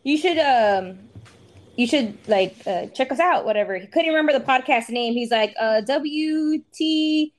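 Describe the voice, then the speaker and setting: A woman co-hosting a casual podcast, telling a story with a high voice. She acts out what people said as she goes. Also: expressive, normal speed. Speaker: podcast co-host. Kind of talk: casual chat.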